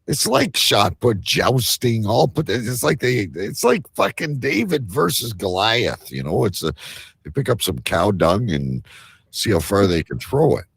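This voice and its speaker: A man with a low, gravelly and husky voice co-hosts a casual live-stream chat. His pitch swings widely as he rambles, jokes and swears casually, recorded dry and close. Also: very animated, unhurried, a bit bright, dry recording. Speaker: co-host.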